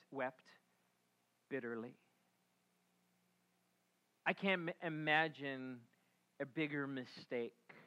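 A middle-aged male pastor delivers a sermon in a bright, slightly high voice. He tells the story with lively energy, acts out the characters, and then settles into quiet, reflective passages. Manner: animated storytelling, acting out voices, drops to a hush for reflective moments.

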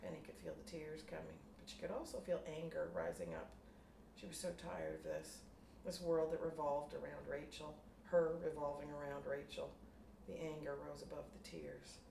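Woman, low-pitched, reading own fiction, distant mic, faint noise. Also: lively intonation, normal speed, creaky, mellow, roomy sound. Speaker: writer reading her story. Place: room at a writers' group meeting.

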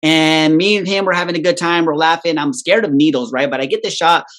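A man's voice: on the high side, brisk, fairly bright tone. Man telling a story, keeps asking "right?". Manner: rambling, tags nearly every sentence with "right?"; swears freely and laughs at his own story. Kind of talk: casual storytelling chat.

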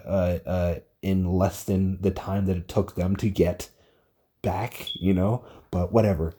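A young man talking alone on a casual podcast, rambling and excitable, swearing a lot as he retells a story. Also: low-pitched, breathy edge. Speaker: podcast host. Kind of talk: casual solo podcast monologue.

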